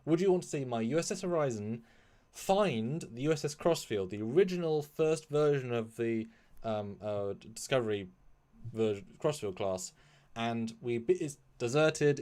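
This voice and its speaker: Man, fan filmmaker guest, casual live-stream chat, rambling, animated, frequent laughs, mid-pitched. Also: moderate pace.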